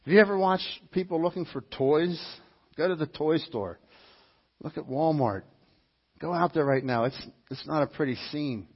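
A male pastor delivers an animated sermon, repeating his key lines for emphasis and slipping into quick impressions of other people. His voice is husky and sits a little high for a man. The recording sounds dull and lo-fi. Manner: animated preaching with mimicked voices and repetition.

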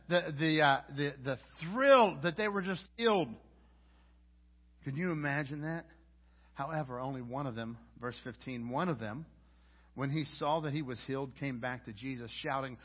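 A pastor with a high voice preaches in a loose, conversational way, often tripping over words and starting phrases again. The audio is dull and lo-fi, with the top end muffled. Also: male voice, animated, moderate pace. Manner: conversational preaching with frequent stammered restarts. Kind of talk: sermon.

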